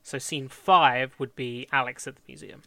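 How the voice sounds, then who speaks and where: Bright-voiced man, rambling. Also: medium pitch, steady tone, normal speed, no room sound. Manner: rambling, self-correcting, laughs often. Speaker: fan script co-writer. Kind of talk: casual planning chat.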